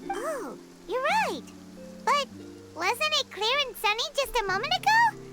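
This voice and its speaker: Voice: very high-pitched, big pitch swings, a little slow, full character voice. A woman voicing a tiny, chirpy floating companion who talks about herself by name, in a video game. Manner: bubbly, speaks of herself by name. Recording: game audio over loud music.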